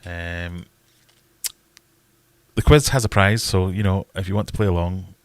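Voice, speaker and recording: Deep-voiced Scottish man ranting casually. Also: steady tone, unhurried, smooth, dry recording. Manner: rambling, jokey ranting. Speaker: livestream host. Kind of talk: casual livestream chat.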